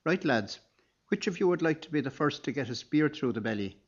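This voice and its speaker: A man's voice: fairly high pitch, animated, brisk, breathy edge, highs cut off. Man doing a blunt, tough cart driver.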